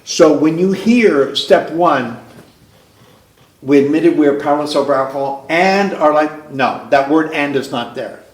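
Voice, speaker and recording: A man sharing his personal recovery story at a meeting, earnest and halting, often restarting his sentences. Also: on the high side. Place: recovery club meeting room. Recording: roomy club meeting hall.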